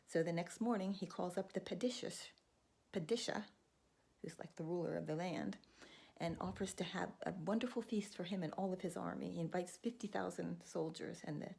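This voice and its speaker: Woman, storyteller, folktale, animated telling, gravelly fry, dark tone. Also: on the low side.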